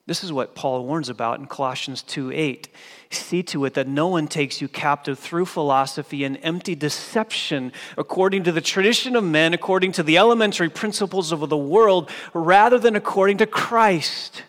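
Male pastor, sermon delivery, emphatic, somewhat high voice, long reverb of a church hall. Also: normal speed. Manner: emphatic preaching, dropping low and soft for quoted scripture.

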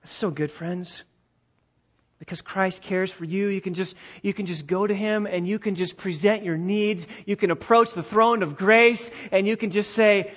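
A man preaching a sermon, repeating phrases for emphasis and swinging between loud build-ups and hushed, quiet drops. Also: sits high, steady tone, moderate pace, muffled recording. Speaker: pastor.

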